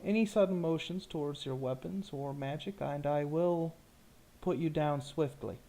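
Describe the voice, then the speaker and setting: A man's voice: on the high side, normal speed, warm tone, natural voice. A man voicing a wary male keep guard in a tabletop game, polite but threatening. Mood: menacing.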